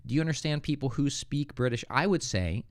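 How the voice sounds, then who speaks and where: A man's voice: mid-range voice, expressive, a little fast, dry recording, clean studio sound. An American man hosting a casual livestream, teaching English and answering viewer questions, thinking aloud with hesitant restarts.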